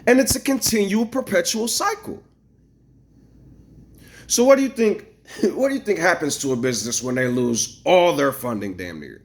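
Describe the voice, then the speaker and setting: A man telling a long, rambling story to camera, animated and profane, acting out what others said. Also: fairly high pitch, moderate pace. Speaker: vlogger. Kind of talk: casual storytelling rant.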